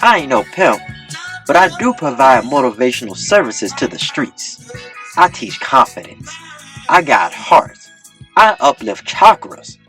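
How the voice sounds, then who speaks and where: A man doing a cocky, flustered smooth talker. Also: medium pitch, big pitch swings, normal speed, pushed and bright, soft background music. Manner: cocky yet flustered, stammering. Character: young male smooth talker, cocky but nervous.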